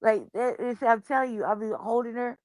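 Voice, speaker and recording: A woman with a fairly high voice hosts a loose, casual chat show. She tells stories with a lot of slang and cursing. The sound is dry and close. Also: fairly quick, no echo. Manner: profane, animated storytelling with slang. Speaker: host.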